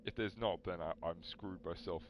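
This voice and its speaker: Brief: a young, very low-voiced streamer, chatty and animated, faint hiss behind. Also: male voice, normal speed, dull audio. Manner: rambling, animated, talks to chat. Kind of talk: casual storytelling on a live stream.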